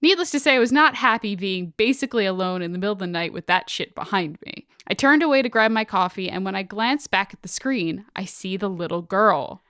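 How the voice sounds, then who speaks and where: A woman co-host of a chatty podcast, telling a listener's creepy babysitting tale with lively, dramatic reads and casual swearing. Her voice sits in a middle register and the sound is dry and close, with no room in it. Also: medium pitch, brisk, hardly any pauses, clean tone, dry recording. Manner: swearing, animated, dramatic story reading. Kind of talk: casual storytelling chat.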